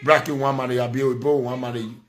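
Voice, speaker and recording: A man's voice: mid-range voice, little pitch movement, very fast. A middle-aged man with a Nigerian accent, giving a preachy, scolding monologue as a social media commentator. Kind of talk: impassioned monologue.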